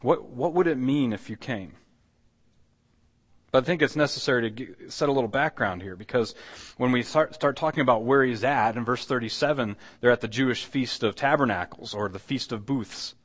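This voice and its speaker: A man's voice: medium pitch, normal speed. A man preaching a sermon as pastor, conversational and earnest, asking the congregation rhetorical questions. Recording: long hall reverb.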